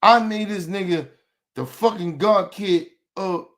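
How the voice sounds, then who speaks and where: Man, young adult, AAVE, angry profane rant, podcast host, somewhat high voice. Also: unhurried, fairly bright tone. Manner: angry, profane, repetitive street slang. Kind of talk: heated rant to camera.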